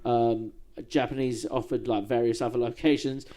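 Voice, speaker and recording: A man's voice: mid-range voice, steady tone, moderate pace, mellow. A man co-hosting a podcast, retelling history in a casual, slangy, joking way. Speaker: podcast co-host.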